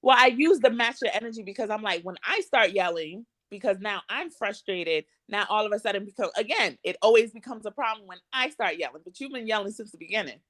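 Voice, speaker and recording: A woman in her thirties co-hosting a podcast, blunt and animated in casual chat, acting out arguments. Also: mid-range voice, quick pace, few pauses, dry recording. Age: 30s. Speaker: podcast co-host.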